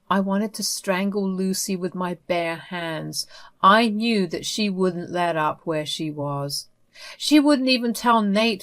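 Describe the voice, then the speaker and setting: A woman narrating a first-person story in an even, steady reading voice. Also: medium pitch.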